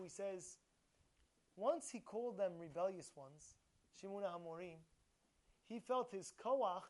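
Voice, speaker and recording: A man teaching a short Torah lesson, emphatic and animated, firing rhetorical questions and repeating himself. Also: high voice. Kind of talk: informal Torah talk.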